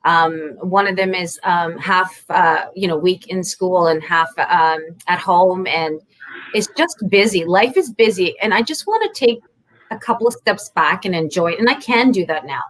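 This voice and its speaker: A woman in a casual group chat, speaking haltingly with many fillers. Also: fairly low pitch, a bit bright, low-quality recording.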